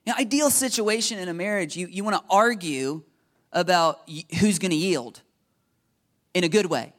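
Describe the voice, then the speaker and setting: A man from the United States preaching a sermon in an animated, joking way, often checking in with his listeners. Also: sits high, normal speed. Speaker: pastor.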